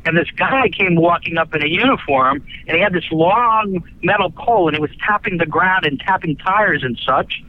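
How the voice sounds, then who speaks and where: A man's voice: high voice, animated, normal speed, hardly any pauses, phone-quality sound, a little hiss or hum. A man, a radio broadcaster and author, telling rambling folksy stories as a guest, with lots of fillers and restarts. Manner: folksy, many fillers and restarts, breezy cursing. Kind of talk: rambling anecdotal storytelling.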